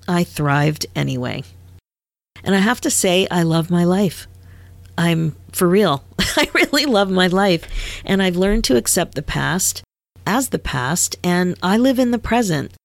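A woman in her fifties hosts her own podcast, sharing a personal story with a candid, conversational manner and easy laughter. Her voice sits on the low side with a gravelly edge. The recording is dry and close to the mic. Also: animated, a little slow, no echo. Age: 50s. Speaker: podcast host and midlife coach.

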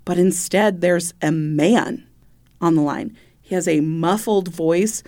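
A woman co-hosting a casual true-crime podcast, telling the story in an animated, giggly way. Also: fairly low pitch, slow. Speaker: podcast co-host.

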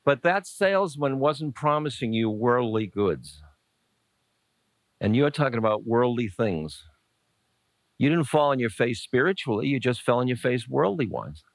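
An older man teaching spirituality to a live audience, talking in a loose, playful, searching way. His voice sits at an ordinary middle pitch, and the recording is dry and close with little room sound. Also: expressive, a little slow, dry recording. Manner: conversational, playful, searching, with asides and chuckles. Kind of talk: live dharma talk answering questions.

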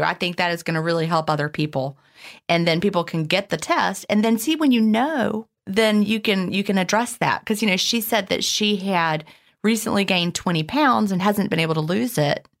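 A podcast co-host with a fairly low-pitched voice chats animatedly, saying "you know" a lot. She also reads listener questions out loud.

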